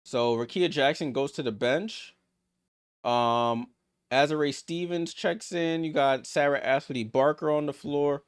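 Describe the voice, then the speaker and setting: A man hosting a live watchalong stream, calling basketball play-by-play and reacting excitedly to each play. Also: on the high side, measured pace, clear, resonant tone. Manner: excitable, rattles off passes, reacts aloud. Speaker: watchalong host.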